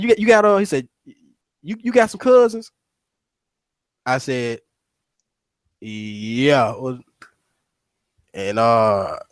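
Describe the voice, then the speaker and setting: A man's voice: on the high side, no room sound. Rambling profane man with a dry sound. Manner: rambling, profane, many restarts. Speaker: radio show host. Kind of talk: casual storytelling chat.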